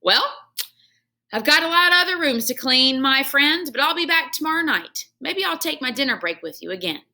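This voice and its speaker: A hearty, booming night janitor who cracks jokes and chats away to a class pet, put on by a woman reading a children's book aloud. The voice is bright and lively, with a gravelly edge underneath. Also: normal speed, full character voice. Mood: jolly, teasing. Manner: hearty, joking, boisterous.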